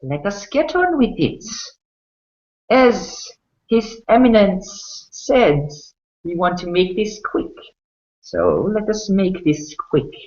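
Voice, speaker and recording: A man's voice: sits high, big pitch swings, a little mellow, pitched above the performer's own voice, full character voice. A man voicing a sadistic male half-elf fire mage villain who gloats and draws out his words. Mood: gloating. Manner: gloating, drawn-out, mocking. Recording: dull, roomy sound.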